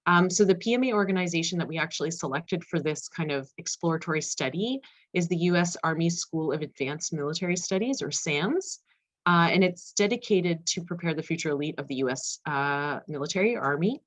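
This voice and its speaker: Woman panelist, low-pitched, presenting research at a brisk clip with filler words. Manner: fast-paced, self-aware of speed, frequent fillers. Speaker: conference panelist. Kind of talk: academic presentation.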